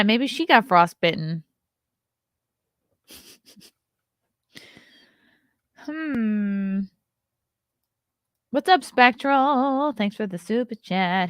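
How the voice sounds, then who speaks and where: A woman hosts a casual morning livestream, chatting and reading headlines aloud with sarcastic asides, sometimes dropping to a whisper. Her mid-range voice is fairly bright, and the studio-quality recording has no room sound.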